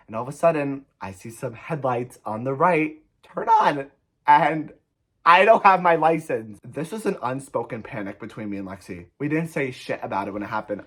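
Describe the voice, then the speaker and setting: A young man from New Jersey telling a frantic, profane storytime in a rambling, animated way. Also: medium pitch. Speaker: vlogger. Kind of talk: storytime vlog.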